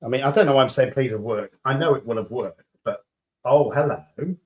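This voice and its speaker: A man with a British accent chatting enthusiastically on a live stream while demolding resin pieces, a little croaky after hours of talking. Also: medium pitch, fast, muffled recording. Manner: chatty and enthusiastic, greeting viewers.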